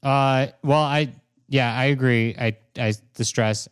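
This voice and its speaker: A man's voice: medium pitch, fairly even intonation, a little slow, clear, resonant tone. A man playing a tabletop game, laid-back and hesitant. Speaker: player. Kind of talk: casual tabletop play.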